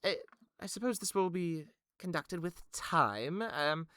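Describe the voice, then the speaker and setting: A man's voice: a little high, lively intonation, pushed and bright, smooth, dry recording, voice pushed up. A man voicing a squat, disheveled old noblewoman who halts and hesitates as she speaks. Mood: courteous. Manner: halting, hesitant speech with many fillers.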